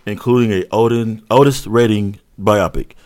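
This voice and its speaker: A man co-hosting a podcast in casual chat. He chimes in with quick, slangy remarks and. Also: lowish voice, darkish tone. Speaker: podcast co-host.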